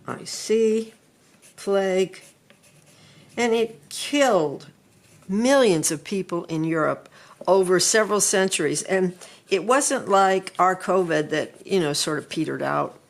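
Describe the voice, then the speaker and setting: In a relaxed classroom setting, this middle-aged art teacher talks while she draws, her voice low and a bit gravelly. Her drawing lesson unfolds in a chatty, unhurried way as she thinks aloud.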